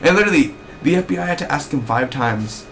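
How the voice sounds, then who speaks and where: A man's voice: a little high, animated, fast, creaky, fairly bright tone, slight background noise. A young man reviewing a TV episode in a casual recap, rambling and ranting with lots of fillers and restarts.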